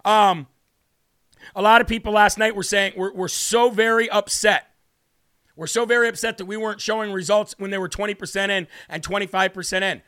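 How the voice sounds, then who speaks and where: A man's voice: high voice, fairly even intonation, fairly quick, pushed and bright, smooth. A man hosting a live talk show, giving fired-up political commentary, talking straight to his viewers and reading their chat messages aloud.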